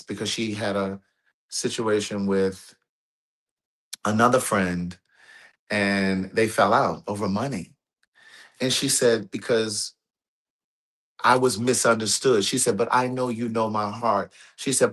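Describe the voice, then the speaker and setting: A man's voice: lowish voice, fairly even intonation, unhurried, fairly bright tone. A man chatting casually with his live-stream audience, telling a long personal story and quoting a friend's words. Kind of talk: casual chat.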